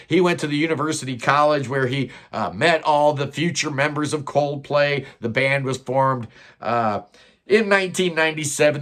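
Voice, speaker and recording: A man runs through a countdown of singers he dislikes, with a slightly high voice. His delivery is blunt and sarcastic, loose and unscripted, peppered with fillers. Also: a bit bright. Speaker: music commentary host. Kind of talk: opinionated countdown monologue.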